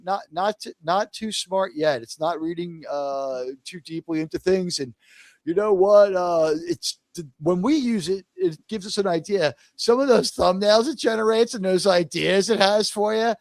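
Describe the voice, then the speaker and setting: A man in his fifties hosting a casual live stream, excitable and rambling as he greets viewers one by one. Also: high voice, normal speed, dry recording.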